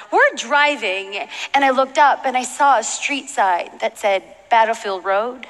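A woman preaching a passionate sermon to a church audience, moving between hushed, intimate moments and shouted declarations. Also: high voice, moderate pace. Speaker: guest preacher. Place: large church hall with audience. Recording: reverberant church hall, faint noise.

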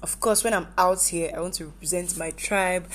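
A woman's voice: fairly low pitch, fairly even intonation, moderate pace. Goofy rambling woman. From Nigeria. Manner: goofy, rambling, self-correcting. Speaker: podcast host. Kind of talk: casual personal monologue.

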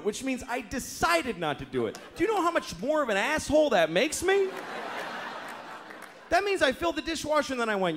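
A man with a very high, fairly bright voice moves through big pitch swings at a fairly quick pace. He's doing stand-up in a comedy club, recounting profane, exasperated stories and impersonating people in mock voices. The live recording captures the laughing audience.

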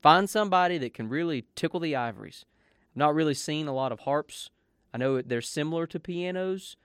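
Man teaching on a devotional broadcast, slightly high, smooth voice, dry close recording. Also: lively intonation, a little fast, a bit bright, no room sound. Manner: earnest, conversational explaining.

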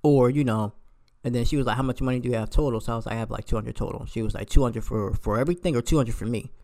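A man's voice: mid-range voice, rapid-fire, a little mellow. A young man in a heated, profane casual rant, firing off rhetorical questions.

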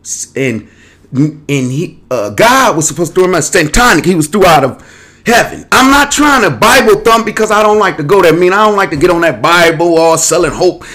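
A man with a high, fairly bright voice and lively intonation hosts his own show, talking a little fast. He gives a digressive monologue to camera, restlessly jumping between topics and speaking in a casual, streetwise way that includes cursing.

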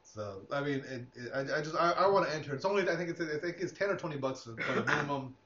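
A man's voice: fairly high pitch, lively intonation, fast talker, a bit bright. A man hosting a casual podcast, rambling and swearing, often laughing. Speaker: podcast host. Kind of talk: casual chat. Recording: echoey room, dull lo-fi sound.

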